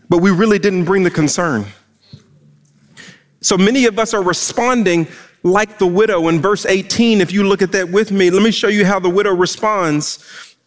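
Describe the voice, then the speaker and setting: Male pastor, very high voice, impassioned sermon, long hall reverb. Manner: impassioned preaching, repeats words when pressing a point. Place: church stage.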